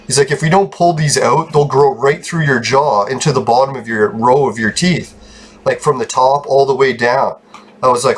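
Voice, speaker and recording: A man's voice: mid-range voice, moderate pace, slightly rough. A man telling rambling personal stories while commenting on his gameplay, swearing often and laughing at himself. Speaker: gaming YouTuber.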